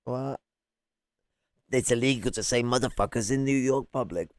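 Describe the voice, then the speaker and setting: A man's voice: medium pitch, moderate pace, long pauses, no room sound, studio quality. A man reacting to a video in casual commentary, mocking, swearing freely and often laughing.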